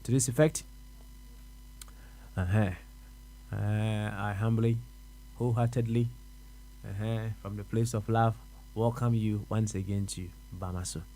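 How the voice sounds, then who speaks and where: A man with a Ghanaian accent hosting a radio question-and-answer show, musing aloud, repeating words and answering himself with soft uh-huhs. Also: on the low side, fairly even intonation, unhurried, pauses often, a little hiss or hum. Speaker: radio host. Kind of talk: reflective radio talk.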